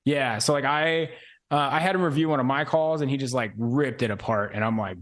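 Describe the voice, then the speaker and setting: A man's voice: medium pitch, brisk, a bit bright. Man, twenties, podcast guest, casual storytelling, slangy, filler-heavy. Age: 20s. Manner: loose, slangy, lots of "like" and "bro".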